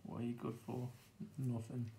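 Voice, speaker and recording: A British man hosting a board game unboxing, chatting casually and getting easily excited, laughing to himself. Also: mid-range voice, normal speed, vocal fry, a little hiss or hum.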